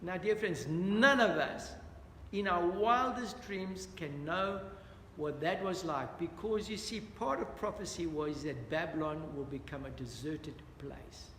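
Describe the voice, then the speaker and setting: A man's voice: fairly high pitch, a little slow, fairly bright tone, slight background noise. A man leading a Bible study lesson, talking earnestly and putting questions to his listeners. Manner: earnest, questions the audience, repeats "dear friends". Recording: echoey hall with long reverb, faint ambience.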